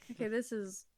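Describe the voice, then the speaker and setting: Her voice is on the high side and a little mellow as she co-hosts a laid-back podcast, reading aloud from an old notebook while rambling, laughing and cursing.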